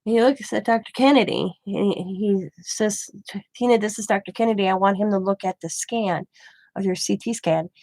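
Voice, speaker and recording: A middle-aged woman at a medium pitch tells a long personal story in a casual, rambling way and acts out each exchange in the dialogue. She is recorded close to the mic in a dry space with no room echo. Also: normal speed. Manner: rambling, animated retelling with quoted dialogue. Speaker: craft channel host.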